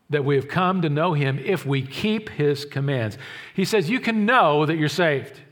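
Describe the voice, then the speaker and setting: A man pastor preaching a sermon, emphatic, repeating key phrases slowly and asking the congregation questions. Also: on the high side.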